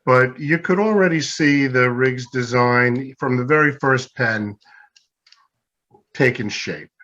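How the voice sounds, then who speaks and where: A man's voice: medium pitch, slow pace, pushed and bright, highs cut off. A man as an interview guest and pen maker, telling anecdotes in a casual, self-deprecating way and acting out what others said. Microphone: video call.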